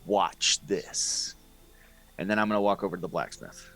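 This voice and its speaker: A man's voice: sits low, normal speed, fairly bright tone, soft background music. A man playing a tabletop game, goofy and scheming, who tends to repeat himself. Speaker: player. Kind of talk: tabletop role-play chat.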